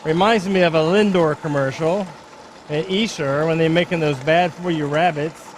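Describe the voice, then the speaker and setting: High-voiced upbeat chef demonstrating. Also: male voice, fairly even intonation, normal speed, slight background noise. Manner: upbeat and chatty, explaining each step. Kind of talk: live cooking demonstration.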